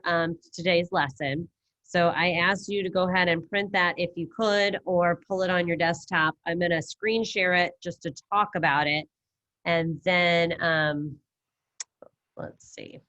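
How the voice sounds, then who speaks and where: A woman's voice: on the low side, a bit bright, no room sound. A woman teaching a Spanish class over a video call, casual and upbeat as she quizzes her students. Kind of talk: online class lesson. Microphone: computer mic on a video call.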